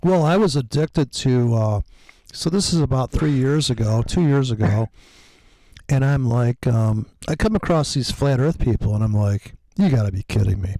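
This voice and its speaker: A man's voice: mid-range voice, lively intonation, normal speed, mellow, no echo. A man talking casually and profanely, telling rambling stories in a loose chat.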